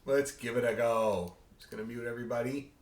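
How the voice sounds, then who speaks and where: A man's voice: mid-range voice, fairly even intonation, a little fast, echoey room. A man teaching a beginner fiddle class over a video call, chatty and rambling with chuckling asides. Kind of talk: online group music lesson.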